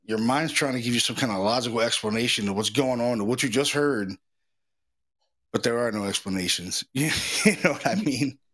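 A man's voice: mid-range voice, a little fast, fairly bright tone. Laid-back man hosting a podcast. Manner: laid-back, slangy storytelling. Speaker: podcast host. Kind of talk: casual chat.

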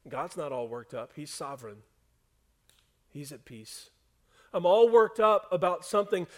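High-voiced pastor swinging loud and soft. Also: male voice. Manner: swings from hushed to loud and emphatic. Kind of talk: sermon. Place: church hall before a congregation.

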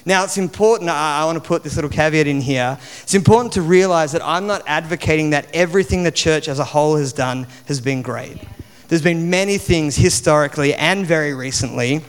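A man, preaching a sermon in a relaxed, conversational way full of fillers. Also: on the high side, a little fast, clean tone. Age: 40s. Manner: conversational, chatty with many fillers. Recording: long hall reverb.

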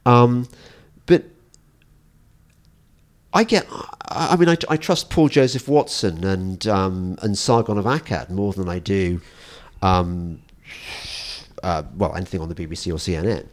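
A man hosting a podcast interview, talking in an animated way with frequent restarts and teasing asides. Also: sits low, unhurried. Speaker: podcast host. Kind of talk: conversational interview.

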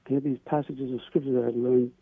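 A man calling in to a radio show and telling a personal story in an earnest, halting way, often repeating words. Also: mid-range voice, level tone, husky, no room sound. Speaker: caller. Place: on a phone call to a radio show. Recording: tinny phone line.

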